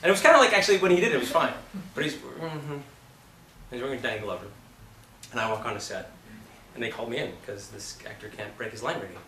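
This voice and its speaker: Acting coach, blunt and swearing freely, with a sharp forceful voice, recorded from across a roomy classroom. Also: male voice, medium pitch, expressive, fast, a little hiss or hum. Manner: blunt, profane and emphatic. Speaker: acting teacher. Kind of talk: casual classroom talk. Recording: roomy, from a distance.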